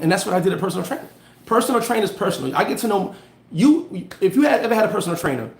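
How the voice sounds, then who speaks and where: A man's voice: fairly high pitch, reverberant. Slangy man livestreaming motivation. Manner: animated storytelling with street slang; reads and answers viewer comments. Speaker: livestream host giving motivational talk. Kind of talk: casual motivational live chat.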